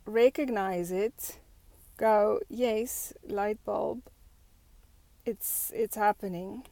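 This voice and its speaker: A woman's voice: medium pitch, a little mellow, dry recording. A woman vlogger talking through her thoughts in a reflective, casual way, with lots of fillers and restarts.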